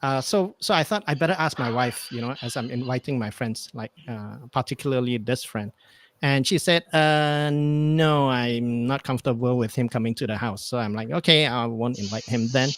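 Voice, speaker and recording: A man's voice: medium pitch, normal speed, a bit bright, slight background noise. A man telling a rambling anecdote on a remote call, hesitant and full of fillers, acting out bits of dialogue. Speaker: podcast guest. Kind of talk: casual storytelling chat.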